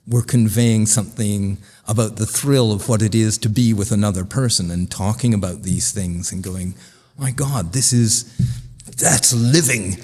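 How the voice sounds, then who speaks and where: An older man speaking as a podcast guest, explaining his ideas in an animated way. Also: on the low side, in a large hall. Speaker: guest, theater director and yoga teacher. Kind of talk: casual conversational interview.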